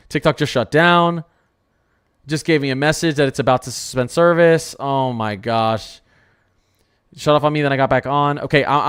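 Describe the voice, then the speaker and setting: A man hosting a casual weather livestream, talking to his chat in an excitable, rambling way with lots of exclamations. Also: medium pitch, clear, resonant tone.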